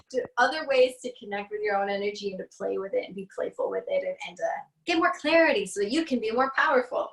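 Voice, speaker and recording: A woman's voice: sits high, roomy sound, distant mic, poor audio. Chatty woman teaching an online class. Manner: casual, chatty, laughs often.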